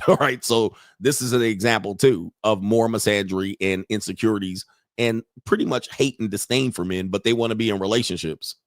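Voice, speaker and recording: A man's voice: fairly low pitch, a little fast, dry recording, studio quality. A man hosting a reaction commentary, brash and mocking, with loose slang. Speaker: commentary host.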